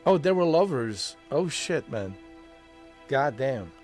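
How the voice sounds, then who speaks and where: A male streamer giving crude, mocking commentary over a video game. His pitch swings widely and his delivery is animated. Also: takes it slowly, faint music behind. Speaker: gameplay streamer. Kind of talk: profane casual commentary.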